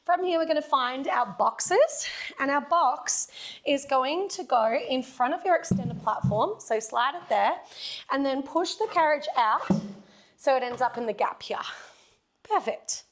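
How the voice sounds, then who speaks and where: A woman's voice: high voice, lively intonation, measured pace. Upbeat Australian woman coaching Pilates. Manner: upbeat coaching cues with playful jokes. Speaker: Pilates instructor. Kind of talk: guided workout instruction.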